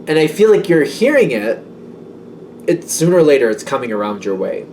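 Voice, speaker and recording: A man's voice: fairly high pitch, very animated, fairly quick, a little mellow, recorded from a distance, slight background noise. A man giving a casual tarot reading, rambling and self-doubting, with many fillers. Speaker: tarot reader.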